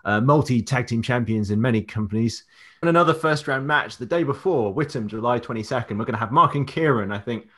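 A man's voice: mid-range voice, a little fast, a bit bright, breathy edge. A man on a casual podcast, a wrestler chatting loosely as he reels off an upcoming match card with plenty of fillers. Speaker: wrestler and promoter guest.

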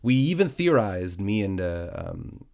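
A man's voice: lowish voice, sing-song, unhurried, a little mellow, clean tone. A man whose first language is Portuguese, hosting a solo podcast in a casual, rambling chat with a stuffy nose from sinusitis. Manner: rambling, self-correcting, chatty with frequent fillers. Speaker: podcast host. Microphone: studio podcast microphone.

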